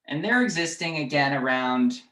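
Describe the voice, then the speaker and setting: A man's voice: a little high, expressive, normal speed, sharp tone. A man teaching a biology class, explaining step by step with frequent fillers and checking questions to his students. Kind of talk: classroom lecture. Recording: echoey classroom.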